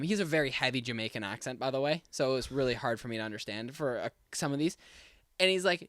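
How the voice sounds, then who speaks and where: A young man on a podcast telling a long story, animated and acting out both sides of the conversation. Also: medium pitch, fast talker, no room sound, studio quality. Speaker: podcast co-host. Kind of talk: casual storytelling.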